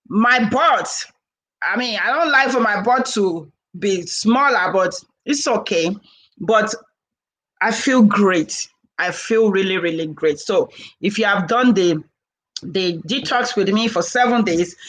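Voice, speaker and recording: A woman, chatting casually to camera in an animated way and acting out her quoted conversations. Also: medium pitch, slow pace, poor audio. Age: 40s. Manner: animated, laughing, acts out quoted dialogue. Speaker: vlogger and herbal seller.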